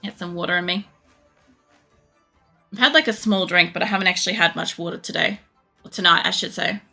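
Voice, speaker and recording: An Australian woman streamer rambles through a casual gameplay chat and swears freely along the way. Her voice is bright and edged with fry, with faint game music underneath. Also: lowish voice, steady tone, fairly quick.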